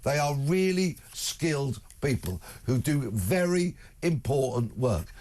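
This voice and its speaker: A man's voice: mid-range voice, animated, measured pace, darkish tone. A man, a guest on a talk radio show, speaking emphatically and stringing together long spoken lists. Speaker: studio guest. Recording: broadcast studio.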